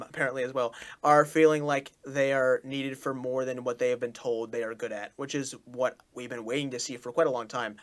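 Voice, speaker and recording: A man's voice: medium pitch, fairly bright tone. A man hosting a reaction video, talking casually and effusively, repeating his praise and stumbling into restarts. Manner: talks through restarts and stumbles.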